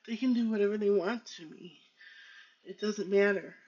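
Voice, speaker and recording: Woman, tarot vlogger, slow halting talk, mellow voice, hurt and defiant, dull lo-fi sound. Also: mid-range voice. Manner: slow, halting, with many restarts and pauses; pained and defiant in turns. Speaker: vlogger reading tarot cards. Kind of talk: emotional personal monologue with card reading. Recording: dull lo-fi recording.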